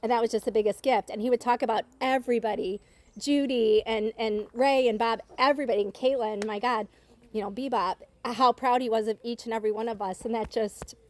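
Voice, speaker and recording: A middle-aged woman giving an earnest, reflective family tribute at a gathering, telling personal stories with many small pauses. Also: on the high side, steady tone, a little mellow. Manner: earnest, reflective storytelling with fillers.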